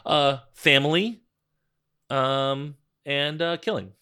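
A man's voice: fairly high pitch, takes it slowly, sharp tone, clear, resonant tone. A man co-hosting a podcast, chatting in a wry, offhand, joking way. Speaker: podcast co-host. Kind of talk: casual chat.

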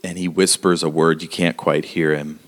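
A man narrating a tabletop role-playing game as game master, halting with many fillers. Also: very deep voice, level tone.

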